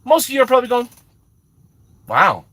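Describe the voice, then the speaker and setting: A man with a husky, bright voice tells a comic story to his viewers. He talks slowly, but his pitch swings a lot, and he sounds animated and exasperated. He often breaks off and restarts his sentences. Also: no room sound. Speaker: channel host.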